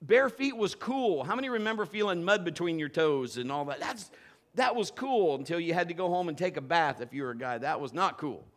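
A man pastor preaching a lively live sermon, urging his congregation to join in. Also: a little high, fairly quick. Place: church sanctuary with a congregation.

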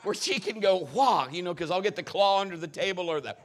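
Speaking fast, a middle-aged pastor swaps sermon points for humorous personal anecdotes before his congregation. He has a high, bright, forceful voice and the joking manner of an animated storyteller.

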